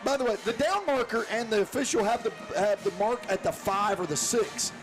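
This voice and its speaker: A man giving enthusiastic color commentary on a high school football broadcast, animated and quick to talk over the others. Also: music in the background. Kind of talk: casual sports banter.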